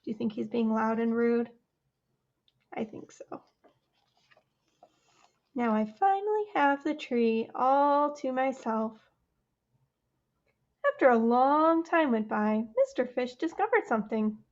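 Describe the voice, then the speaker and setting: A high-voiced woman librarian leading a children's storytime, animated and chatty as she reads. She talks slowly and asks the kids questions. The recording sounds slightly muffled. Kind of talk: storytime read-aloud for children.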